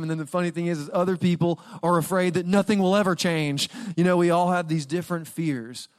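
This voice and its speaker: A man's voice: mid-range voice, darkish tone. A young man preaching as a guest speaker, telling funny personal stories in a conversational way and laughing often before turning to his sermon. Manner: conversational, jokey storytelling with frequent laughs.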